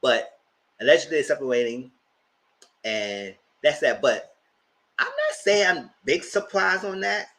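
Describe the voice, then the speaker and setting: A man hosting a live TV review, chatting casually in a blunt, slangy, animated way. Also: on the high side, unhurried, long pauses, poor audio. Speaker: host of a TV review channel.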